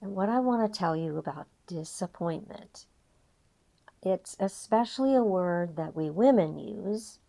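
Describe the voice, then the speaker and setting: An older woman coaching an emotional tapping session, reflective and gently guiding, with frequent pauses. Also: lowish voice, animated, gravelly. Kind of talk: guided tapping session talk.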